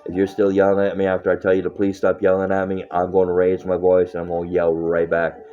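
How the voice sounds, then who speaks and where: A very deep-voiced man talks loosely on a livestream, rambling and cursing freely between laughs. The audio is dull and lo-fi. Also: monotone, fast, warm tone. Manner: profane, rambling, laughs often. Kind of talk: casual livestream chat.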